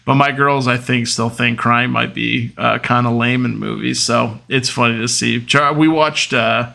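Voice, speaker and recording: Male host, 30s, casual monologue with a gravelly edge. Rambling and heartfelt, with plenty of ums and restarts. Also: medium pitch, fairly even intonation, unhurried, pushed and bright. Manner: rambling, with many fillers and restarts; open and emotional. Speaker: podcast host.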